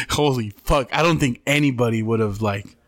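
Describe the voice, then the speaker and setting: A man co-hosting a podcast, chatting casually and telling stories in an animated, profane way. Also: medium pitch, measured pace, no room sound. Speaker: podcast co-host. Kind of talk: casual chat.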